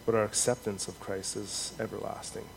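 A man preaching a sermon in an earnest, measured way, reading scripture aloud with rising emphasis. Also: lowish voice, flat delivery, gravelly. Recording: long hall reverb, faint noise.

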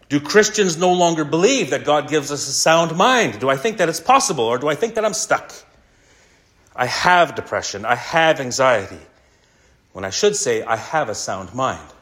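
A man preaching a sermon earnestly, slowing down and repeating key lines for emphasis. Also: a little high, fairly bright tone. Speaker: pastor.

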